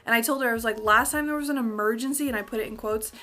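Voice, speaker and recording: A young woman vlogger venting in casual chat, full of "like", and quoting others in lively voices. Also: fairly high pitch, very fast, slight background noise. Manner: venting, frustrated, peppered with "like".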